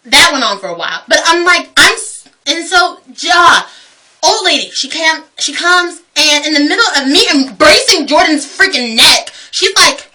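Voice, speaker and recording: A young woman telling a story as a vlogger, cursing freely and swinging between loud bursts and hushed asides. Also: sits high, expressive, moderate pace, recorded from a distance. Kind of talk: casual storytelling rant.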